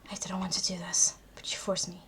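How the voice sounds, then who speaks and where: A man voicing a remorseful young student killer in a hushed, whispered role-play confession. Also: high voice, monotone, fairly quick.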